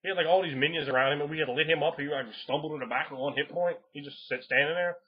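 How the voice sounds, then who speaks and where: A man giving casual game master advice in a rambling, profane way, laughing often and acting out players in quick voices. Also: a little high, steady tone, slightly rough. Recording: dull lo-fi home recording.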